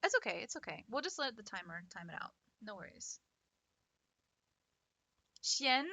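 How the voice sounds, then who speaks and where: A woman's voice: medium pitch, very animated, moderate pace, vocal fry, pushed and bright, no echo. A young adult woman streamer chatting casually with viewers, playful and teasing, laughing often. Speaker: art streamer. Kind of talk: casual livestream chat.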